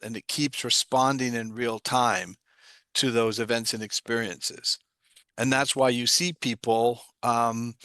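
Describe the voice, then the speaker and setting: A man's voice: mid-range voice, sharp tone, no room sound. A man giving an explanatory talk, asking himself rhetorical questions and answering them. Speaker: guest speaker on trauma. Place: online livestream.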